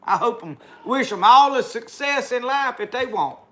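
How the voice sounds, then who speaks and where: A man's voice: very high-pitched, animated, normal speed, a bit bright. A middle-aged man with a Southern US accent hosting a casual livestream in a folksy drawl, closing with a spoken prayer. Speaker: livestream host.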